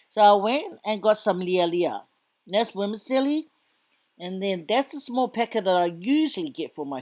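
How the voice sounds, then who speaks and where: A middle-aged woman, a mother, doing a casual, playful voiceover for her shopping vlog with teasing asides. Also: medium pitch. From Samoan community in Australia. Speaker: vlogger, mother. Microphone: voiceover mic.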